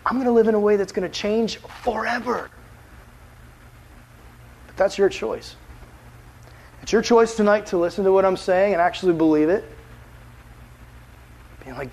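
A man preaching a casual, animated sermon as a youth pastor, full of filler words. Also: high voice, moderate pace, creaky, pauses often, slight background noise, rough recording.

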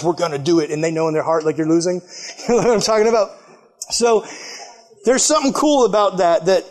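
A young man with a high, light voice gives a laid-back youth sermon. He tells the story in a loose, joking way and laughs at himself often. He talks like a casual storyteller at a church gathering. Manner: animated, jokey, self-deprecating with frequent laughs. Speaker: youth pastor.

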